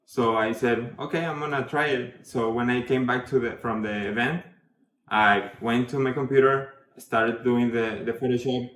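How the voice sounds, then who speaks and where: Man, mid pitch, earnest halting testimony, distant mic in an echoey room. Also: fairly even intonation, fairly bright tone. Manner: earnest, halting, self-correcting. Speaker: event attendee giving a testimonial. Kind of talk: personal testimony. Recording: echoey room, mic far off, faint noise.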